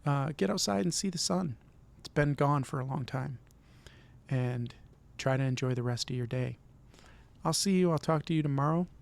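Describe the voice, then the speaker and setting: A man's voice: mid-range voice, normal speed, vocal fry. A middle-aged man from Michigan hosting his own vlog, giving an earnest, encouraging motivational talk and often repeating himself. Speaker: vlog host.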